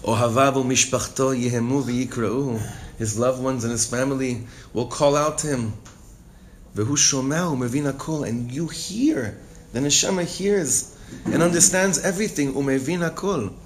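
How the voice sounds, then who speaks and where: A man's voice: normal speed, a little hiss or hum. A man teaching a Torah class, reading Hebrew lines and explaining them with strong emotion. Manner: reads Hebrew text, then translates and explains with emotion; expressive, rises in pitch and volume when stirred. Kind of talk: text-based Torah class.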